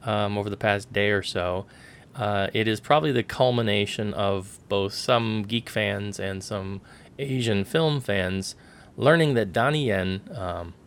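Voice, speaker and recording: With a fairly low pitch and an unhurried delivery, this man co-hosts a podcast. His casual conversation drifts around, relaxed and heavy on fillers.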